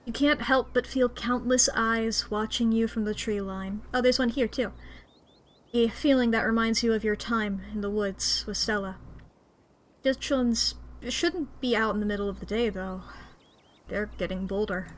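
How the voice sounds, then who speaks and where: Woman streamer narrating a game with playful asides; bright, slightly high voice. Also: normal speed, a little hiss or hum. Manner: playful, self-mocking asides. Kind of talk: playing and reading a visual novel aloud.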